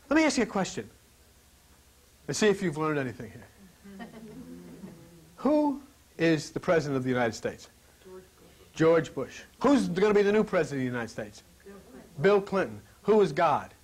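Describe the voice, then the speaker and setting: A man preaching a lively sermon to a congregation, joking and dropping to a whisper to stress points. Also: sits high, moderate pace, long pauses. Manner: animated, jokey, drops to whispers for emphasis.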